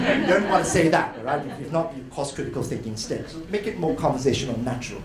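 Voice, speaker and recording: Animated man lecturing in an echoey hall. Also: medium pitch, fast talker, hardly any pauses, a crowd in the background. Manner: animated, playful, acts out voices and laughs often. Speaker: conference workshop speaker. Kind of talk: lively educational talk to an audience. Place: hotel conference room. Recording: roomy hall with faint noise.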